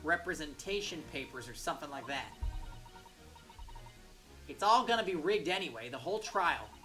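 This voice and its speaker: A defiant street-urchin girl pickpocket, as a woman reads her for a game, trusting no one. She talks in a gruff mock Texas drawl full of clipped slang. The tone is bright and pointed, with faint music behind. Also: low voice, animated, normal speed, rough recording.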